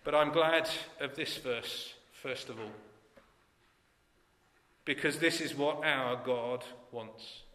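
A man preaching a sermon in an earnest, emphatic way, letting his phrases fall away softly at the ends. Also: medium pitch, slow pace, long pauses. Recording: echoey church hall with long reverb.

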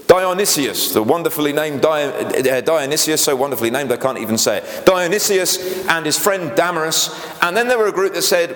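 In an echoey hall with long reverb, a man preaches an earnest, emphatic sermon, often breaking off into little asides and starting over. His voice sits on the high side and is brisk and a bit bright.

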